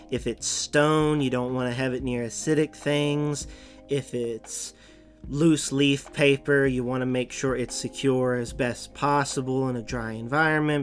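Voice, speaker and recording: A man with a Boston accent giving a casual, rambling info-dump monologue as a channel host, often correcting himself mid-sentence. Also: mid-range voice. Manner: rambling, with self-corrections and small laughs. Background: soft background music.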